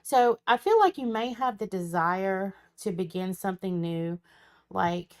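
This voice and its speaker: A woman's voice: mid-range voice, animated, unhurried, darkish tone. A woman, a tarot reader chatting casually on a live stream, her voice cracking in and out. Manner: chatty, reads viewer comments aloud, folksy.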